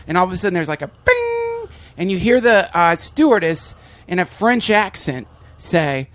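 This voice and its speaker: A man hosting a podcast, telling vivid, animated stories in casual chat. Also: high-pitched, moderate pace. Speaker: podcast host.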